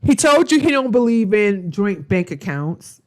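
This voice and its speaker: A woman's voice: mid-range voice, very animated, measured pace. A woman reviewing a reality show in a casual, gossipy vlog, blunt and profane with rambling asides.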